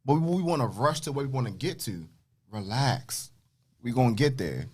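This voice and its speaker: Brief: relaxed male podcast co-host in his twenties, with a mid-range voice and lively pitch. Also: normal speed, husky. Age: 20s. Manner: laid-back, backs others up with short agreements. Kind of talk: casual podcast chat.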